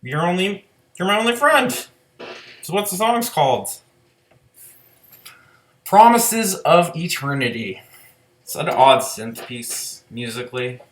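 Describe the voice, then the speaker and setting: A man's voice: fairly high pitch, animated, takes it slowly, long pauses. A man giving a casual, rambling spoken review of an album, full of "like" fillers and loose swearing.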